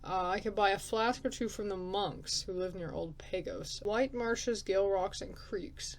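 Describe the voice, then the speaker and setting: A woman's voice: mid-range voice, unhurried, few pauses, a little hiss or hum, rough recording. A woman playing a story game, reading its text aloud and thinking aloud in casual, chatty commentary, laughing at herself. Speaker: let's player.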